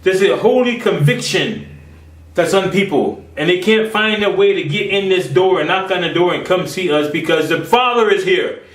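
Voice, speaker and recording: A man preaching a sermon from his home office, impassioned and swinging between loud and hushed delivery. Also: sits high, normal speed, roomy sound, far from the mic.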